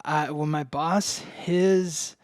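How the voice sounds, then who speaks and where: A man's voice: a little high, steady tone, extremely slow, no room sound, clean studio sound. A man co-hosting a podcast, telling a story in a casual chat full of "like" fillers. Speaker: podcast co-host, astrologer.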